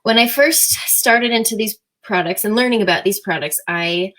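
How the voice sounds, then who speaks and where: A woman in her thirties, a guest in an interview, telling her stories in a chatty, animated way with lots of fillers. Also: medium pitch, normal speed. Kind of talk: casual interview chat.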